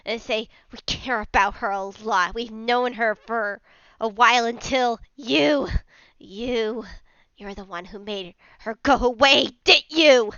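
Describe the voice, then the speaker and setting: A woman voicing a protective young male character who talks in an earnest, halting way with repeated words. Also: on the high side, a bit bright, smooth, no echo, highs cut off.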